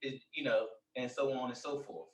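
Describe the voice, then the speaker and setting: A man in a religious discussion, speaking haltingly as he chimes in to back up a point. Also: mid-range voice, fairly even intonation, reverberant, recorded from a distance, low-quality recording. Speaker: discussion participant.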